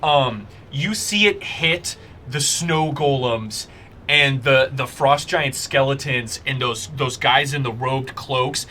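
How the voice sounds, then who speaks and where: A man narrates a tabletop game as game master, painting scenes with quick, filler-laden description. His voice is bright and forceful, with average pitch. Faint noise runs under the stream audio.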